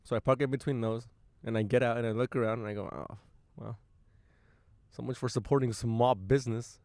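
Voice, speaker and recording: A young man hosting his own podcast from inside his van, telling a rambling story in a loose, profane and self-amused way, with quick bursts of excitement. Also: mid-range voice, no room sound. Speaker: podcast host. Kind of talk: casual storytelling monologue.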